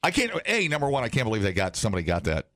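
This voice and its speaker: A man's voice: on the low side, very fast, no room sound, clean studio sound. A man co-hosting a radio morning show, joking and teasing his partner in casual banter. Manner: joking, teasing, deadpan fake stories.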